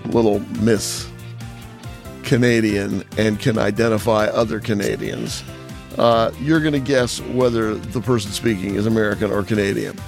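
A man's voice: fairly low pitch, fairly even intonation, moderate pace, gravelly, soft background music. A man hosting a podcast, running a guessing game with wry, joking game-show patter. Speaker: podcast host. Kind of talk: casual podcast chat.

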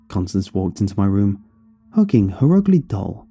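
Dark, husky male horror storyteller. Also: on the low side, moderate pace, soft background music. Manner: expressive first-person storytelling. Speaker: narrator. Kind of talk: scripted horror story narration.

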